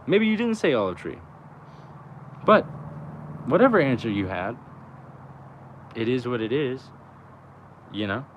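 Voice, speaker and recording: In lo-fi audio with a bit of hiss or hum, a young vlogger rambles outdoors about spirituality in a sing-song, medium-pitched voice. He talks a little slowly with long pauses, using casual slang full of "like" and "you know" and frequent swearing.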